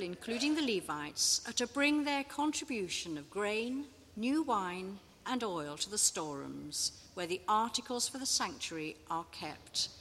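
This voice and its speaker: Bright-voiced woman reading scripture. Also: mid-range voice, long reverb tail. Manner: measured, deliberate phrasing. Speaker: scripture reader.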